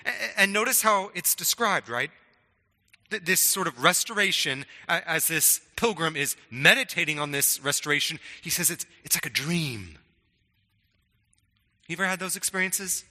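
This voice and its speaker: A man's voice: high voice, normal speed, bright, forceful tone, big-room sound. A middle-aged man preaching a sermon in a conversational way, often stammering on restarts and checking in with "right?". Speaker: pastor.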